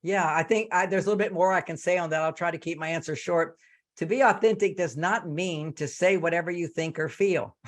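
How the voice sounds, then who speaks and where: An older man giving relationship advice on a video call, lively and animated, acting out quoted lines in a higher voice. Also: brisk. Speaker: relationship author giving a talk.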